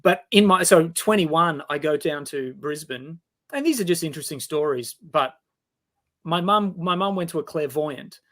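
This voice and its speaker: A man's voice: on the high side, moderate pace. An Australian man in his forties, a guest telling personal stories in a casual interview, acting out the voices of people he quotes. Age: 40s. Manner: animated storyteller who acts out quoted voices.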